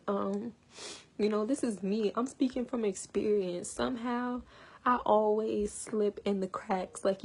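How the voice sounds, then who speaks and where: A woman's voice: mid-range voice, darkish tone. A young woman talking passionately and earnestly to her viewers in casual slang. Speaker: vlogger. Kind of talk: emotional personal talk to camera.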